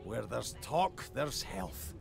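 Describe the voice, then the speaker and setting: Gravelly stern dwarf. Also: male voice, medium pitch, big pitch swings, slow, exaggerated voice. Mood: gruff. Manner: curt, commanding. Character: gruff stern male dwarf on a ship. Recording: game audio with music behind.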